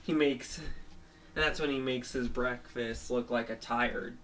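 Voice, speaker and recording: A man's voice: mid-range voice, steady tone, takes it slowly, a bit bright. A man casually retelling a made-up story, rambling with many restarts, fillers and small laughs.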